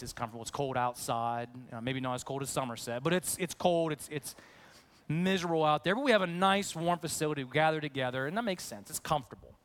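Male pastor with a high voice, chatty and animated in his sermon delivery. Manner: conversational, animated, acts out questions.

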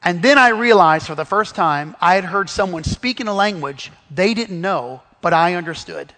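Male preacher from the Midwest, halting delivery with restarts, pitched high, echo trailing off in a long hall. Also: lively intonation, bright, forceful tone. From Missouri, US Midwest. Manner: halting, full of restarts and fillers. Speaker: Bible study teacher. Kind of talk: sermon-style storytelling.

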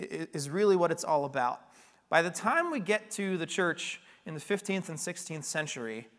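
A man preaching a conversational sermon, earnest and explanatory, asking rhetorical questions and going hoarse as he loses his voice. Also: on the high side, fairly bright tone. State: losing his voice. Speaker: pastoral candidate preaching. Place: church sanctuary. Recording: long reverb of a large hall.

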